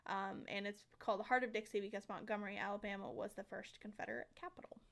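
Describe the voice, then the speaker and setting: A woman's voice: mid-range voice, little pitch movement, fast talker, vocal fry. A woman co-hosting a casual podcast, reading out facts with frequent ums and a slight Southern lilt at times. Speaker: podcast co-host.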